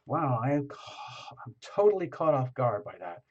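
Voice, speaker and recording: A man giving a relaxed tarot reading, with a mid-range voice. He wanders through his thoughts and repeats words for emphasis. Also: medium pitch, moderate pace, dull audio. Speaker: tarot reader.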